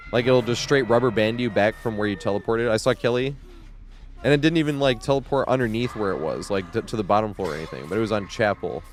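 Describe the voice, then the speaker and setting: Male game streamer, casual and profane, loose rambling commentary, slightly low voice. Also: quick pace, soft background music. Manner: rambling, swears a lot, laughs often. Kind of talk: live-stream gameplay commentary.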